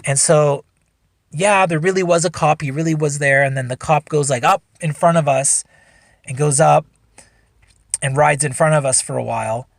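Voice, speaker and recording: Gravelly laid-back guy telling a story. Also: a little high, normal speed, dry recording, studio quality. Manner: rambling, laid-back, swears a lot. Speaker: podcast host. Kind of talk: casual storytelling.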